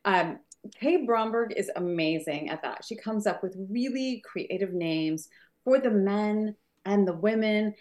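A woman author chats as a podcast guest, giggling often and rambling through her answers. She apologizes readily and keeps an easy, mid-pitched voice. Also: expressive, unhurried, darkish tone. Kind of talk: casual interview chat.

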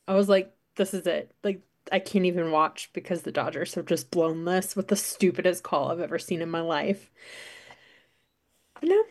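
Animated woman gushing in casual chat. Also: lowish voice, normal speed. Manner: animated, says "like" a lot. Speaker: podcast co-host.

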